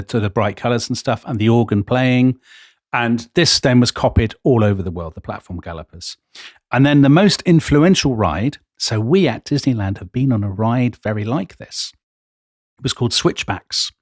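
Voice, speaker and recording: A man's voice: mid-range voice, normal speed, no room sound, clean studio sound. A man, co-hosting a history podcast, telling stories with enthusiasm and quoting old accounts with gusto. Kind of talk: storytelling history chat.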